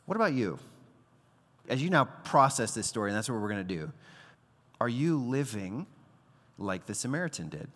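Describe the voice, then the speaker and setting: A man preaching a sermon in a relaxed, conversational way, acting out quoted lines as he goes. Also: mid-range voice, normal speed, pauses often, in a large hall. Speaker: pastor.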